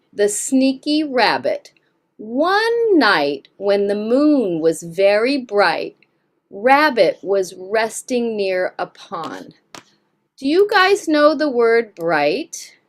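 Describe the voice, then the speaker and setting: A woman English teacher leading a reading lesson, explaining words and praising her students. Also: a little high. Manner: encouraging, explains words with Spanish glosses.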